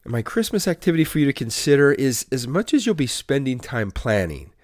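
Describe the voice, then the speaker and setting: A man hosting a Christian devotional podcast, telling a story in earnest, measured scripted narration with preacher-like emphasis. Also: medium pitch, sing-song, dry recording, clean studio sound. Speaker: podcast host giving a devotional.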